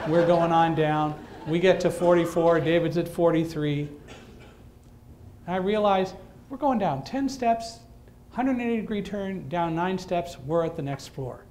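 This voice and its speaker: A man giving a talk to an audience, telling a story in a lively way with dry humor and acting out the lines of people in it. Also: on the high side, a little hiss or hum. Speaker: guest speaker.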